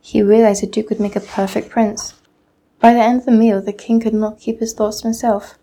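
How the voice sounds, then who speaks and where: Teenage girl reading a storybook, gravelly. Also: medium pitch, little pitch movement, normal speed, warm tone. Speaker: student reader.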